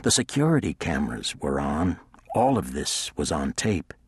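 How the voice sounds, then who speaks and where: A man narrates a thriller audiobook with a measured, gritty delivery. His voice is deep and husky, captured dry and close on a studio mic. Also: very animated, no echo. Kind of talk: scripted narration.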